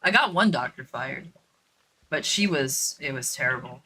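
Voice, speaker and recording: A woman's voice: a bass voice, expressive, normal speed, pushed and bright, slight background noise. A woman telling a story in a blunt, profane, casual way while streaming a game, with lots of fillers and repeats.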